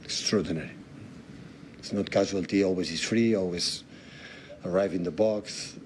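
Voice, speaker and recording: A man from Spain speaking English as a football manager at a press conference, halting and repeating words, with loose grammar. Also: sits low, darkish tone, a little hiss or hum. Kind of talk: press conference answers in non-native English.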